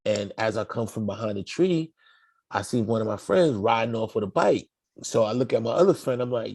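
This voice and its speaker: A middle-aged man spins a story in slangy, lively talk and acts out the people in it. His voice has a gravelly fry at the edges. The sound is close and dry. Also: mid-range voice, brisk, no echo. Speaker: guest. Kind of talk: casual storytelling in an interview.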